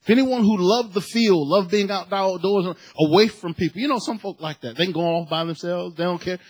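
A man preaching a sermon, telling a family story in a chatty, animated way with asides before reading and explaining scripture. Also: high-pitched, a little fast, husky. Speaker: pastor.

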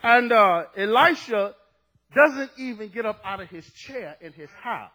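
A man preaching a fervent sermon, dropping low and then shouting as he acts out scripture. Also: expressive, unhurried, rough recording.

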